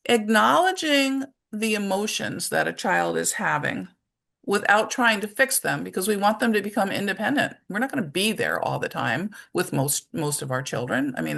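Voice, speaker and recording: Low gravelly-voiced woman presenting a webinar. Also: fairly bright tone. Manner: conversational, explains points through everyday examples. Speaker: webinar presenter for parents and teachers.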